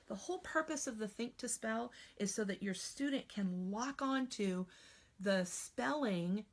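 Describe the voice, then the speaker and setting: A woman's voice: medium pitch, gravelly. Woman spelling trainer, patient and explanatory, mid-range voice, teaching demo. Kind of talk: teaching demonstration.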